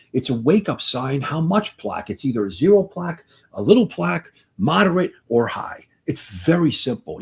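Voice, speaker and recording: A man's voice: medium pitch, darkish tone, husky. A man in his sixties, a doctor hosting a live question-and-answer talk, speaking in an impassioned, rambling way and often restarting his sentences. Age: 60s.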